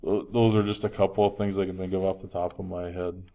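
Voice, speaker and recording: Male teacher, lower register, resonant, chatty lecture style. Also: little pitch movement, quick pace, warm tone. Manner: conversational, frequent um fillers, projecting voice. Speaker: health teacher. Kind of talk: classroom lecture.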